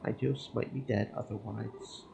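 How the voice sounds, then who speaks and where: A man reading Kevin, a gravelly flirting priest. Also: on the low side, fairly even intonation, a little slow, noisy background. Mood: playful. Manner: teasing, easygoing banter. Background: game music.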